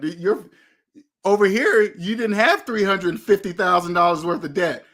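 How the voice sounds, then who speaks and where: A man's voice: sits high, measured pace, a bit bright. A man hosting a motivational money talk, preachy and emphatic, driving points home with repeated questions. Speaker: host.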